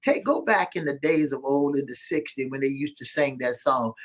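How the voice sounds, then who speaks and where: A man co-hosting a radio talk show, teasing and wry, with a drawn-out delivery. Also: mid-range voice. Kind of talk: casual chat.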